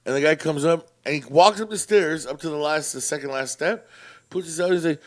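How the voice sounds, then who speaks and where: A man's voice: mid-range voice, moderate pace. A young man hosting a podcast, telling stories casually with lots of swearing and acting out what people said. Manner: profane, animated storyteller acting out quotes. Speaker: podcast host. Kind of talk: casual storytelling.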